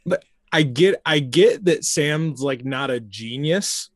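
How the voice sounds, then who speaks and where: A man with a slightly high voice giving a blunt, opinionated rant about a movie. The recording is dry and close, with no room sound. He talks casually among friends. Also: animated, takes it slowly, no room sound. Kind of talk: casual film discussion.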